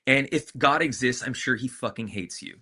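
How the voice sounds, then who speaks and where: A man telling personal stories in an interview, animated and candid, swinging between loud and soft, swearing freely. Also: medium pitch, moderate pace, breathy edge. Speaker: interview guest, professional dancer.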